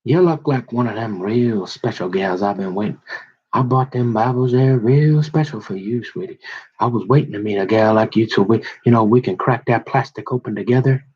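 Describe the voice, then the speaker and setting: A man's voice: medium pitch, moderate pace, darkish tone, husky, lo-fi sound, pitched below the performer's own voice, close to an everyday voice. A man voicing a smarmy churchy man, drawling sweet talk at a woman. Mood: syrupy.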